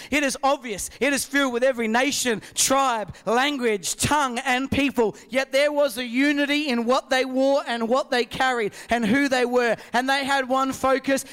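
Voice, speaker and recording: A man's voice: very high-pitched, a bit bright, clear, resonant tone. A man from Australia with an Australian accent, preaching a sermon as pastor and putting emphatic rhetorical questions to his congregation in a church hall. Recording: long reverb of a large hall.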